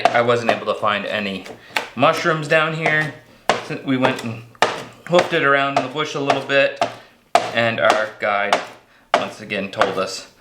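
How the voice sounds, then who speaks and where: A man's voice: mid-range voice, pushed and bright, roomy sound. A man hosting a casual cooking demonstration in a kitchen, joking and poking fun at himself as he rambles through the recipe. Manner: joking, self-mocking, rambling. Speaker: outdoor cooking show host.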